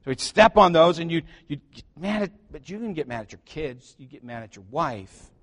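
A middle-aged man preaching a sermon as pastor, joking and shifting between loud emphasis and quiet asides. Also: a little high, lively intonation, normal speed.

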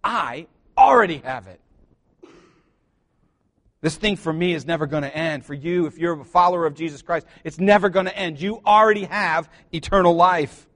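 A man preaching to his church, animated and joking, calling out to the congregation for responses. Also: a little high, moderate pace. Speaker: pastor. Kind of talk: sermon. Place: church sanctuary.

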